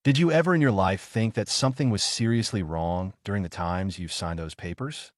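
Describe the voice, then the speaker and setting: A man voicing a young male ninja who is cool-headed but quick to anger. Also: fairly low pitch, no echo, clean studio sound, natural voice. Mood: angry.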